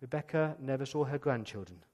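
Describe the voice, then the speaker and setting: A male pastor giving a lively storytelling sermon, acting out the scenes as he goes. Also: mid-range voice, a little fast. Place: church. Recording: long church-hall reverb.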